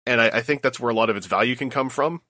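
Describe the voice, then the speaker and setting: A man co-hosting a casual podcast, emphatic and animated as he gives advice. His voice is bright and forceful, recorded dry and close. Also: medium pitch, racing, no echo. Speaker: podcast co-host.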